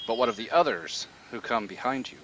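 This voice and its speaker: A man's voice: medium pitch, lively intonation, fairly quick, a bit bright, a little hiss or hum, lightly acted, low-quality recording. A man voicing a wary, agitated talking raven that guards a king in a tabletop game and questions the strangers who approach.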